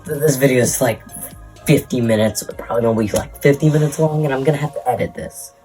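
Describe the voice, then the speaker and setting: A man's voice: mid-range voice, fast talker, mellow, rough recording. A breathless man rambles through casual commentary in a middle voice, tossing out crude, mock-insulting asides. Faint music plays underneath. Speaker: YouTuber ranking Pokémon.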